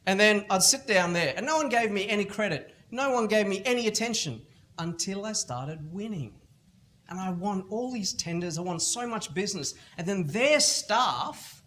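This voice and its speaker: Animated Australian man telling stories on stage. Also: high voice, normal speed, a little hiss or hum. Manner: animated storytelling, acting out other people's lines. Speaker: motivational speaker. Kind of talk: keynote talk at a school festival. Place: school event stage.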